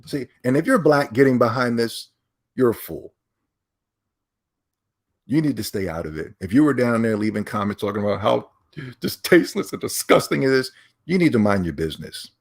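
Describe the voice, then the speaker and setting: Male solo podcast host, animated and mocking, medium pitch. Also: moderate pace, pauses often. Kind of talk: casual solo rant.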